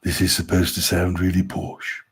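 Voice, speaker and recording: Guy doing a dark sinister posh voice, real deep and slow, kinda eerie. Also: completely flat delivery, husky. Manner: slow, low and drawn-out. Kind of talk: put-on voice during a live stream.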